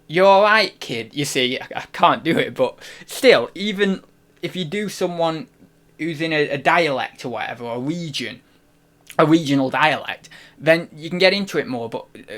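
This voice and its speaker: Young guy streaming, talks into a desk mic, voice a bit high, jokey and rambling. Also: lively intonation, normal speed, fairly bright tone. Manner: rambling, self-interrupting, jokey. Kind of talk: casual livestream chat. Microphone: desk microphone.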